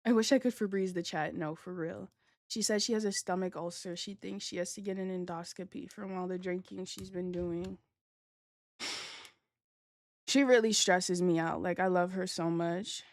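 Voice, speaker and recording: A woman's voice: lowish voice, fairly even intonation, normal speed, dry recording, studio quality. A young adult woman livestreaming, telling a casual story to her chat in slangy, profane speech and laughing as she goes.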